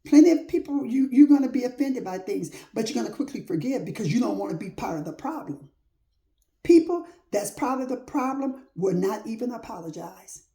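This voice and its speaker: A woman's voice: fairly high pitch, animated, a little fast, dark tone. A woman delivering an informal faith-based motivational talk with an emphatic, repetitive preacher cadence and casual, folksy phrasing. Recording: roomy echo.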